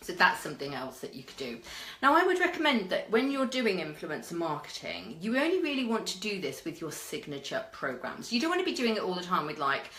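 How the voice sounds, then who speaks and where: A woman's voice: on the low side, brisk, echoey room. A British woman giving chatty marketing advice as a vlog host, telling stories with lots of fillers. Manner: chatty, animated storyteller with frequent fillers. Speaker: marketing coach.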